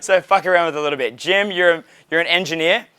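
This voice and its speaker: A man's voice: a little high, quick pace, pushed and bright, clear, resonant tone, dry recording. A young man coaching a small group in a casual way, blunt and profane, with frequent fillers. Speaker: dating coach.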